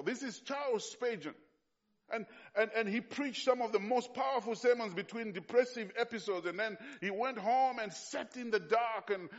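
A man preaches with raw passion in a slightly high voice. He sinks to hushed, slow stretches and then climbs to loud cries, restarting his phrases often. The sound is dull and lo-fi. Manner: impassioned, swinging from hushed to loud; frequent restarts and fillers. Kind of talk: sermon.

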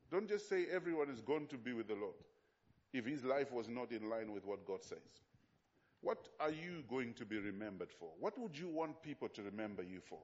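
A man's voice: medium pitch, a little mellow. Emphatic male pastor preaching, lo-fi sound. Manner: emphatic, repetitive, with rhetorical questions to the congregation. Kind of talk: sermon.

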